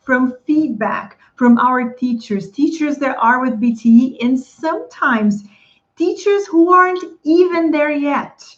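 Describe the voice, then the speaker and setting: A woman's voice: sits high, a little slow, lo-fi sound. A woman hosting a live stream for English teachers, upbeat and greeting viewers by name. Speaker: livestream host coaching English teachers.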